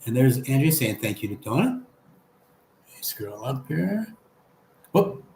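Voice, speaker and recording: A man's voice: medium pitch, sing-song, slow pace, creaky, darkish tone. An older man hosting a live stream, chatting casually and reading viewer comments aloud before answering them. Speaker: livestream host reading chat. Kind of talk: casual chat. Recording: echoey room with faint background hum.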